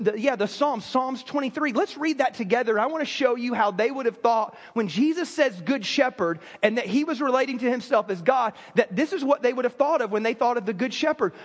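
A man preaching a sermon in an animated, conversational way, with many fillers. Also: very high-pitched, a little fast, few pauses. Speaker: pastor. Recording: long hall reverb.

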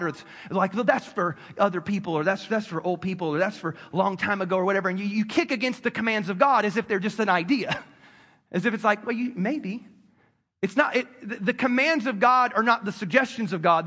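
High, bright-voiced male preacher. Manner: conversational preaching with repetitions and asides. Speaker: pastor. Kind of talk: sermon. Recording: long hall reverb.

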